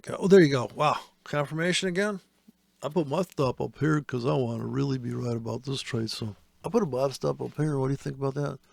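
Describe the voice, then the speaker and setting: Gravelly, foul-mouthed male trading ranter. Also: mid-range voice, a little fast, no echo. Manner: profane, sarcastic ranting. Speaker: trading commentator. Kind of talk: casual screen-share trading commentary.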